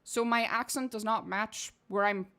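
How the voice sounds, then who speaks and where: A young Portuguese woman streams a game with blunt, profane, laughing commentary. Her accent shifts, mostly posh British or American with a slight Portuguese edge. Her fairly high voice is steady, moderately paced, pushed and bright, with a clear, resonant tone.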